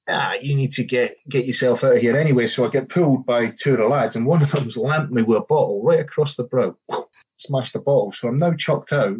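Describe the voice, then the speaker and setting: A man's voice: mid-range voice, fairly quick, a little mellow, breathy edge, poor audio. A middle-aged man and former footballer telling a casual anecdote, acting out the quoted dialogue with frequent restarts.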